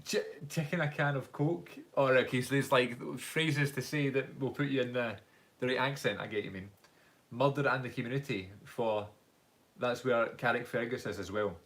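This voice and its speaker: A man's voice: mid-range voice, moderate pace, fairly bright tone. Chatty Glaswegian man on a live stream. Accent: Glaswegian Scottish. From Scotland. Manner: chatty, rambling storyteller who laughs often. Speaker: YouTuber and actor.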